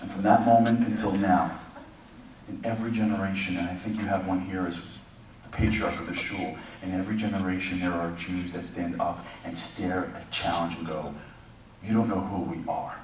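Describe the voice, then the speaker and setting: A man giving a humorous speech in a synagogue hall, telling stories as an animated storyteller who acts out characters in comic voices. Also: low-pitched, moderate pace, a little hiss or hum. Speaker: speaker. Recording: distant echoey hall recording.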